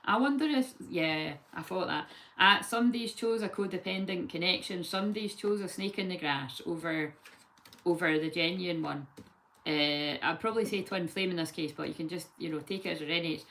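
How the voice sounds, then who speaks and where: A woman giving a casual, rambling tarot reading full of lively chatty asides. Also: lowish voice, moderate pace. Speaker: tarot reader.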